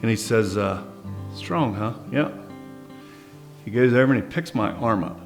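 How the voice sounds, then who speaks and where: A man telling a story about his grandfather in a relaxed, conversational way, with small restarts. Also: fairly low pitch, normal speed, vocal fry, faint music behind. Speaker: grandson sharing a family memory. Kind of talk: interview storytelling.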